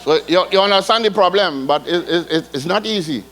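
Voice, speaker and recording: A man's voice: high-pitched, a little fast, a bit bright, some chatter behind. Older Trinidadian man, folksy stand-up. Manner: rambling, folksy storytelling in island dialect. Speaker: calypso comedian. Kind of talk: live stand-up storytelling. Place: ballroom stage before a live audience.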